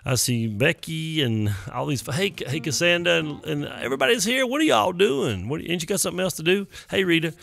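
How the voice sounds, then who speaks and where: A man's voice: on the high side, lively intonation, a little fast, gravelly, few pauses, a bit bright. A man in his fifties hosting a live music stream, chatting in a playful, goofy, rambling way. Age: 50s. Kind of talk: casual live-stream chat.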